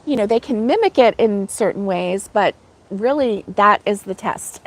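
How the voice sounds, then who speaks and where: A middle-aged American woman with a bright, chatty and giggly manner, hosting a casual livestream and talking back to viewer comments. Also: medium pitch, expressive, a little slow. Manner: chatty and giggly, laughs often. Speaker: host of a crochet livestream.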